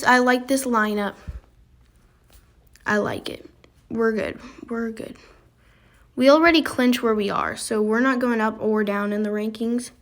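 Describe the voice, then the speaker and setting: A gaming video creator with a voice on the high side plays a basketball video game, giving casual, excitable commentary and reacting aloud as she goes.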